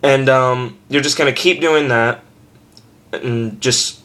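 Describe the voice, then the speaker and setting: A man's voice: mid-range voice, steady tone, slow, a bit bright. A young man giving a casual screaming tutorial at home, rambling and cursing freely, joking at his own expense. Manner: rambling, profane, self-deprecating.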